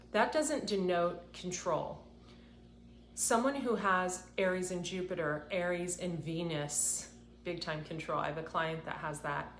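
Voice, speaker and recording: A woman with a lowish voice gives an intuitive card reading in a slow, earnest way, near tears. She sounds like she is in an echoey room with faint ambience behind her. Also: a bit bright, a little hiss or hum. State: tearful, close to crying. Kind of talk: tarot-style card reading to camera.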